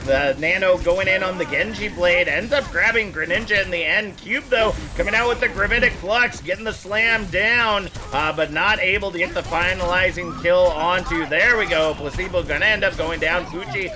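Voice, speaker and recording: A man casting a live online match, calling the plays quickly with many fillers and asides. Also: high-pitched. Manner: quick, excitable calls with frequent fillers. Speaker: esports caster. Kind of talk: live play-by-play commentary.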